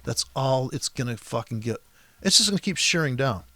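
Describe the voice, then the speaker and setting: A man's voice: mid-range voice, lively intonation, brisk, bright, forceful tone, no room sound. A man walking through a trading chart in a profane, exasperated, rambling rant. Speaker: trading educator. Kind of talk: profane ranting chart walkthrough.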